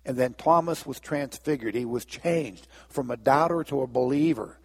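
A man preaching a sermon as pastor, telling a story and acting out the characters' lines in lively voices. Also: mid-range voice, normal speed, creaky, few pauses, husky, in a large hall. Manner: storytelling, acts out biblical dialogue with lively voices.

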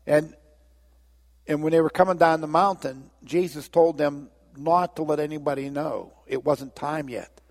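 Gravelly-voiced preacher in an echoing hall. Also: male voice, a little high, steady tone, measured pace, darkish tone. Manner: storytelling, acts out voices of biblical figures. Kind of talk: sermon.

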